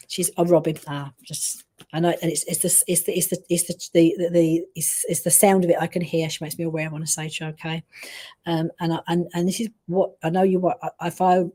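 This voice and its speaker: A woman medium giving a live reading to a grieving mother, speaking softly and haltingly, often pausing to say "I wanna say to you" and "okay?". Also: on the low side, little pitch movement. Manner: soft, gentle and consoling. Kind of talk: live-streamed intuitive reading.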